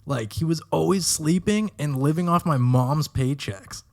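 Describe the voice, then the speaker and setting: A young man co-hosting a casual podcast, telling animated stories and swearing freely. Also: a little high, measured pace, vocal fry. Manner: animated storyteller, swears a lot, acts out quotes. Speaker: podcast co-host. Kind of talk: casual chat.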